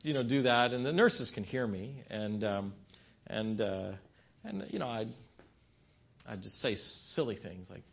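A man's voice: on the low side, lively intonation, unhurried, creaky, breathy edge. A man teaching a marriage seminar in a church, speaking in a folksy, conversational way and telling stories with asides and restarts. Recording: slightly dull lo-fi recording.

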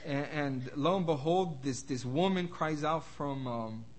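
A young man teaching an informal Bible study sermon, stumbling over words and restarting often, slowing down to stress quoted scripture. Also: a little high. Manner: halting, many restarts and repeated words.

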